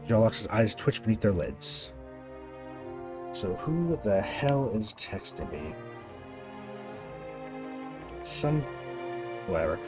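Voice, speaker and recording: A man's voice: fairly low pitch, very animated, slow pace, pauses often, a little mellow, faint music behind. A man streaming a story game, who reads its text aloud and adds casual, self-deprecating asides.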